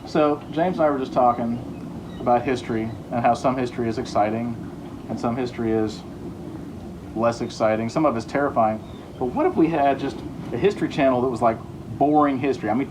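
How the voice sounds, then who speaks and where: Guy cracking deadpan jokes on his reno vlog, medium voice, bit of faint noise behind. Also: mid-range voice, a little fast, very echoey, recorded from a distance. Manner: playful, deadpan humor. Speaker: host of a home renovation show. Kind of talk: joking storytelling while renovating.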